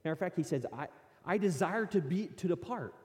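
A pastor delivers his sermon with a lively, rising and falling voice that is mellow rather than bright. He speaks earnestly, pressing his points hard and then dropping to soft asides. The sound carries the long reverb of a church hall. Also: sits high, fairly quick. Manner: earnest, animated preaching with rising emphasis and quiet asides.

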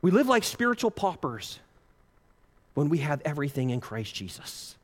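A man preaching a sermon as pastor, passionate, swinging between loud pleading and hushed intensity. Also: a little high, very animated, moderate pace, in a large hall.

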